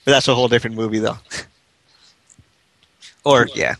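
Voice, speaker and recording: A man's voice: mid-range voice, fairly even intonation, normal speed, gravelly, a bit bright. A man hosting a casual chat, blunt and laid-back, with crude jokes.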